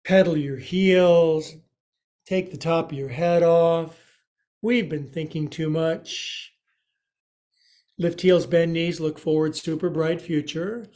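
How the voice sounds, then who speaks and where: A man's voice: a little high, steady tone, slow pace, darkish tone. A man teaching a livestreamed yoga class, counting and cueing moves with playful jokes. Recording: roomy, echoey room.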